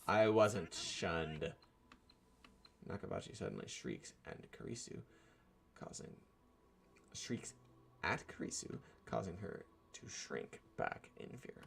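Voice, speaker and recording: A man reads a visual novel's narration aloud, measured and subdued. His voice is deep and gravelly, and his pitch moves widely across the lines. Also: wildly swooping pitch, fairly bright tone. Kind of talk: reading a game's narration aloud.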